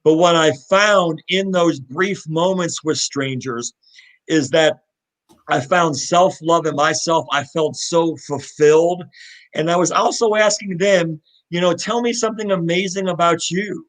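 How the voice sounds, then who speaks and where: Man, middle-aged, slightly high pitch, earnest, heartfelt, storytelling guest. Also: measured pace, low-quality recording. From Louisville, Kentucky. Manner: earnest, heartfelt, animated retelling with repeated restarts. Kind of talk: live interview storytelling.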